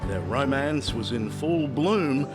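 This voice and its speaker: A male reporter giving scripted TV narration in a measured storytelling way. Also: mid-range voice, lively intonation. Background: music bed.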